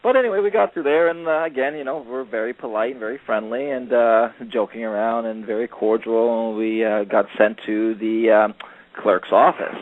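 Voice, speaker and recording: A man's voice: medium pitch, normal speed, dry recording. Rambling man on a phone line. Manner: rambling storyteller, many fillers, acts out quoted voices. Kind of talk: casual chat.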